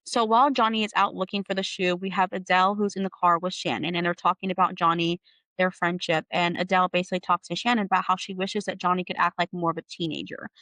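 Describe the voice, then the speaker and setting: A woman walking through a book's plot at a fast clip, her voice bright and a little tense. She leans on fillers as she goes. The recording is close and dry. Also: lowish voice, steady tone, dry recording. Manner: quick recap with many fillers like "like" and "you know". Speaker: podcast co-host. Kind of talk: casual book recap.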